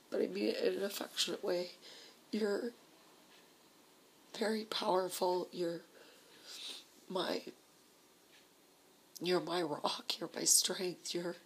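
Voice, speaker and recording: A woman records a tender, tearful video message to her husband, her voice soft and intimate and often sinking into a breathy half-whisper. A gravelly fry runs through her ordinary-pitched voice. A faint background hiss sits under the recording. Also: low-quality recording. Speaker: vlogger.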